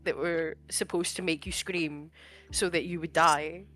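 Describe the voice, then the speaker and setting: A woman's voice: low voice, fairly even intonation, unhurried, a bit bright. A woman co-hosting a gaming podcast, chatting casually in a wry, blunt way. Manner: laughs often, wry and blunt. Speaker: podcast co-host. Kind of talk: casual chat.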